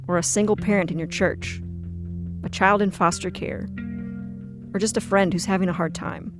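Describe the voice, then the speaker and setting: Calm gravelly podcast narrator. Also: medium pitch. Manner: calm, reflective, addressing listeners directly. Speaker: podcast host. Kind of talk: scripted narration.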